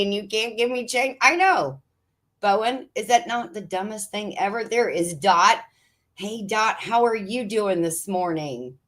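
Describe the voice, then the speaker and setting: A woman from Pennsylvania hosting a casual livestream chat, reading viewer comments and ranting in an exasperated, animated way with frequent laughs. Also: mid-range voice. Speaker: livestream host.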